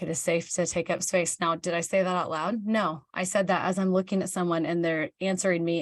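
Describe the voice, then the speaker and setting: A woman's voice: fairly low pitch, no room sound. A woman from Kansas, hosting a motivational live talk for her team, chatty and candid, answering viewer comments and acting out bits of dialogue. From Kansas, United States.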